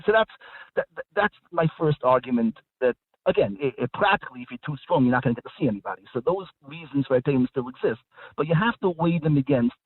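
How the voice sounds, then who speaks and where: A man's voice: medium pitch, husky, dry recording. A man speaking as a guest rabbi in a radio discussion, talking emphatically with frequent repeated words and restarts. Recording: dry, phone-like line.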